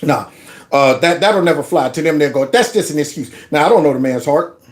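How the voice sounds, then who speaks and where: A man in his fifties from Youngstown, Ohio, hosts a casual commentary with a fairly high pitch and brisk delivery. He tells animated, preachy stories and acts out the voices of the people in them.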